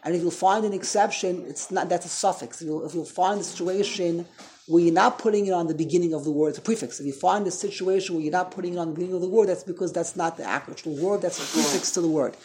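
This man talks fast in a high voice with a darkish tone. He's a Torah teacher running an informal, conversational class, constantly posing questions to listeners and revising his thoughts partway through explanations.

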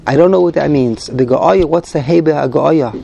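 Gravelly-voiced man teaching a text class. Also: fairly high pitch, normal speed, mellow, muffled recording. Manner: reads Hebrew phrases then translates, thinks aloud.

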